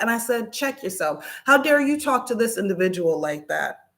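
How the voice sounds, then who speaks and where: A woman vlogger telling a story casually, acting out the dialogue with lively energy. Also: fairly high pitch, normal speed. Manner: animated, acts out dialogue.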